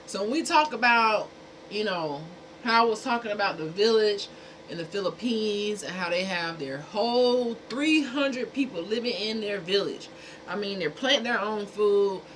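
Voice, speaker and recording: A woman's voice: mid-range voice, fairly bright tone, slight background noise, low-quality recording. Blunt woman streamer talking to chat. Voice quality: speaking from a dentist's perspective. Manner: blunt, exasperated, talks straight to chat. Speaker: livestream host. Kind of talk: casual livestream talk.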